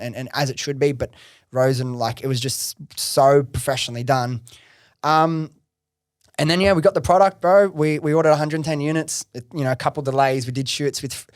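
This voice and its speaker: A man telling his business story on a podcast, at a middle pitch, in a loose, chatty way. He gets excitable, swears freely and peppers his talk with "like" and "bro". He is recorded close on a dry mic with no room sound. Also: dry recording. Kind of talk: casual storytelling interview.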